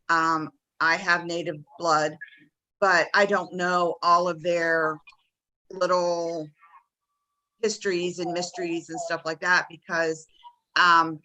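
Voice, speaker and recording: Southern American woman co-host, lower-pitched, bright and forceful tone, chatty and enthusiastic. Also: little pitch movement, low-quality recording. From Southern United States. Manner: chatty and enthusiastic, quick to laugh. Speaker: podcast co-host. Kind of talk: casual chat.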